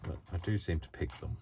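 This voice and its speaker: A man hosting a crafting tutorial, chatting in a rambling way full of self-mocking asides. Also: sits low. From United Kingdom. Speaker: crafting channel host. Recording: loud noise from a faulty microphone.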